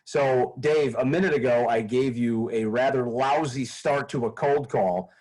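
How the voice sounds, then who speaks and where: A man being interviewed as a sales trainer, explaining his methods in an energetic, animated way. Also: medium pitch, measured pace, poor audio. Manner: animated, acts out phone calls in a bright raised voice.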